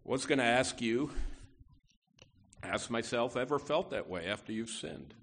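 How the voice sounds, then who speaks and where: A man's voice: medium pitch, animated, measured pace, pauses often, fairly bright tone, a little hiss or hum. A man preaching a conversational sermon in a folksy way, full of asides and stressing key words. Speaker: pastor.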